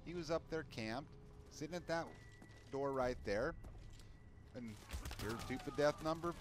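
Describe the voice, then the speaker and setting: Playing a video game, a man with a voice on the high side rants with frustration and profanity in casual commentary, speaking a little slowly with long pauses. Behind him are loud game gunfire, clicks, and faint music.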